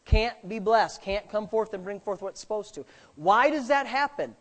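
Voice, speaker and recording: Animated preacher with lively swinging pitch. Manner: asks the congregation repeated rhetorical questions; swings from quiet asides to loud, drawn-out emphasis. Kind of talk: sermon.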